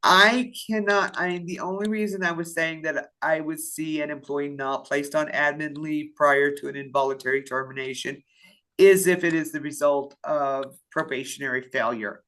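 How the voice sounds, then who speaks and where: A woman's voice: low-pitched, fairly even intonation, normal speed, a bit bright. Woman presenting payroll rules in a webinar. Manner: thinking aloud, many fillers and restarts. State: has the hiccups. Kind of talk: webinar Q&A, reading out questions.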